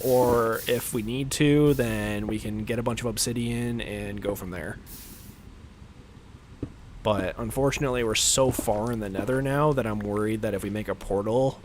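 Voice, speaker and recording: A man with a deep voice chatting casually while he plays a game on a livestream, rambling and filler-heavy, often chuckling. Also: a little hiss or hum. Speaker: livestream gamer. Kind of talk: casual gameplay chat.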